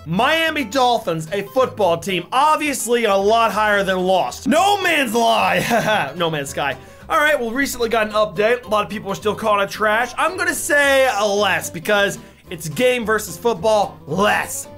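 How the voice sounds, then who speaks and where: A young man with a very high, bright voice, frantically yelping and coughing as ghost pepper burns his mouth. He pleads with the game and mocks himself between gasps, with music faintly under him. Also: lively intonation, moderate pace. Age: young adult. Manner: frantic, yelping in pain, self-mocking. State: mouth burning, coughing, eyes watering. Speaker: YouTuber. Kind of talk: gaming and ghost pepper chip challenge commentary.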